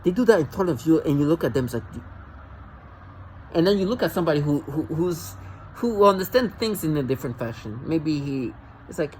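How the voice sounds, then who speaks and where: A man's voice: on the high side, animated, fairly quick, darkish tone, slight background noise, poor audio. Agitated man ranting to camera. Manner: agitated, mocking rant with repeated restarts. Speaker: vlogger. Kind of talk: rambling monologue to camera.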